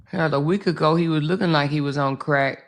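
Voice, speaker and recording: A woman hosting a casual commentary livestream, chatting slowly with viewers, swearing and reacting to social media posts. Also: low voice, fairly even intonation.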